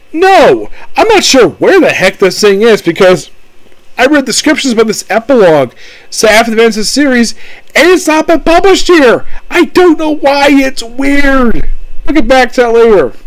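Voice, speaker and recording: A man's voice: high-pitched, dry recording, rough recording. A man giving a casual, rambling anime review, leaning on fillers like "basically" and "of course".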